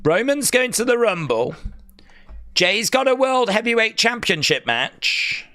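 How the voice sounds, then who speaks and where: A man's voice: high voice, very animated, unhurried, bright, forceful tone. A man streaming a watch-along, chatting casually and sarcastically while reading chat aloud. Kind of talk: casual live reaction chat.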